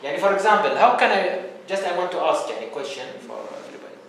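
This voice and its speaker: A man's voice: high-pitched, sing-song, rapid-fire, fairly bright tone. A man from Bahrain hosting a workshop dialogue, emphatic and questioning the room. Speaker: dialogue host, speaker. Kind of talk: conversational workshop talk. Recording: echoey hall with background noise.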